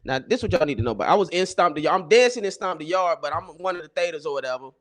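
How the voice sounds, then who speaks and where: Animated high-voiced man telling stories. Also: racing. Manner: animated, voice jumps high when excited. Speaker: podcast host. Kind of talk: casual comedic storytelling.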